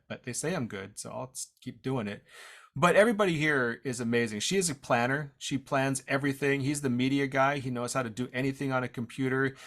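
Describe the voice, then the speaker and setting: A man's voice: medium pitch, a bit bright. Casual man teaching over a video call. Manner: casual, self-deprecating, halting with restarts. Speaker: tribal language teacher. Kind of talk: online presentation talk. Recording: unstable internet connection, audio drops out.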